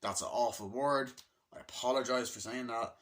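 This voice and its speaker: Bright-voiced man rambling through a movie review. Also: medium pitch, steady tone, normal speed. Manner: rambling, profane, loose and chatty. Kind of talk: casual spoken movie review.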